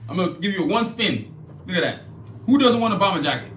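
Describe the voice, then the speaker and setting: A man hosting a live stream, pitching his own comic art and merch in a hyped, casual way, repeating himself and talking straight to viewers. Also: lively intonation, quick pace, a bit bright, reverberant, slight background noise. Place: indoor studio, clothing hanging behind him.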